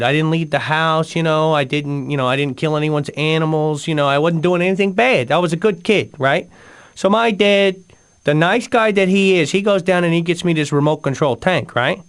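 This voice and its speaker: Man, radio co-host, rambling comic storyteller, slightly high voice. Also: clean tone. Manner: rambling, with sudden swings of emotion.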